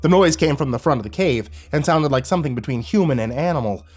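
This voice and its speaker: A man narrating a horror story in a steady storytelling delivery. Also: a little high, quick pace, soft background music.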